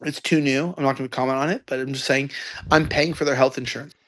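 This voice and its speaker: A young man in his twenties telling a story loudly, ranting and acting out quoted lines. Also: medium pitch, fairly even intonation, quick pace. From United States. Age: 20s. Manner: loud, ranting, acts out quotes. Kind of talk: animated storytelling.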